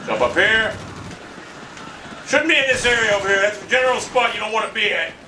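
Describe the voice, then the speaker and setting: A man commentating his own shooter game match, ranting, swearing and yelling in frustration. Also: high-pitched, lively intonation, a little fast, slight background noise. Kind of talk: live gameplay commentary. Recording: roomy, distant mic with loud game gunfire.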